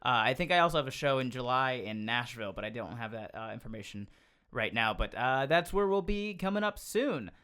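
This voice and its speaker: A man co-hosting a comedy podcast in casual chat, rambling and quick to joke. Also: medium pitch, animated, sharp tone, clean tone.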